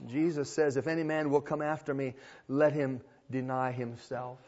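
A man's voice: medium pitch, little pitch movement, normal speed, darkish tone, highs cut off. A male pastor preaching a sermon in an emphatic style, repeating phrases for weight.

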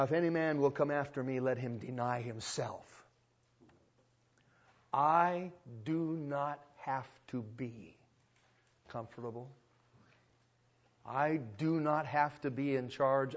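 A man's voice: medium pitch, slow pace, pauses often, dull audio. A male pastor preaching a sermon in an emphatic style, repeating phrases for weight.

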